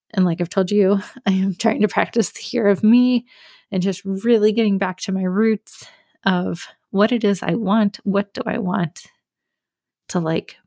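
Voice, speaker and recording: Candid woman with a gravelly edge. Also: mid-range voice, darkish tone, no room sound, studio quality. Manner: candid, confessional, many fillers. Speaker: podcast host. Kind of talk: personal solo podcast talk.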